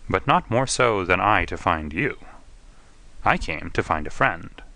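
A man voicing a sharp, commanding male detective, speaking in a quiet, precise and assured way. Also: deep voice, lively intonation, measured pace, no echo, exaggerated voice. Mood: wry, confiding. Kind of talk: audiobook character reading.

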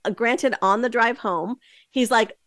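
A woman's voice: on the high side, unhurried, a bit bright, dry recording, clean studio sound. A woman hosting a podcast, telling a story in a chatty, casual way with lots of fillers and asides. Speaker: podcast host.

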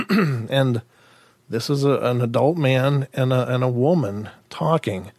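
Podcast host, male, mid-pitched, dry close sound, thinks aloud with rhetorical questions. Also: animated, takes it slowly, a little mellow, dry recording. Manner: musing, rhetorical questions, many restarts. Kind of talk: casual storytelling and sign-off.

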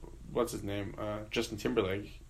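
A man's voice: fairly low pitch, level tone, moderate pace, creaky. A man in his thirties, a comedian guest, chatting casually and telling rambling, profane stories full of fillers. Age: 30s. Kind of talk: casual podcast chat.

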